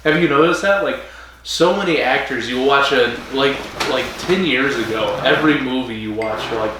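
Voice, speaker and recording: A man co-hosting a casual podcast chat, animated and rambling, laughing often between his thoughts. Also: mid-range voice, normal speed, background noise. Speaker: podcast co-host. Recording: echoey room, mic at a distance.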